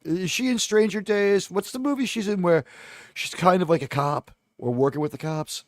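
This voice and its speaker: A man chatting casually on a podcast, joking quickly with lots of filler words. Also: high voice, no room sound. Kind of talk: casual chat.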